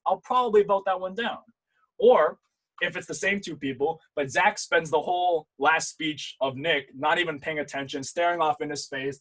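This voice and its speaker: A young man teaching a debate workshop over a video call, lively and demonstrative, swinging between loud and quiet. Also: fairly high pitch, breathy edge, low-quality recording. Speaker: debate instructor. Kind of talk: online workshop lecture. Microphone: computer mic on a video call.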